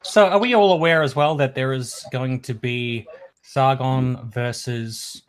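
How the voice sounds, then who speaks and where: An average-pitched man takes part in a casual online panel. He steers the conversation, throwing questions to the group. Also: measured pace. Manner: questioning, moderating the discussion.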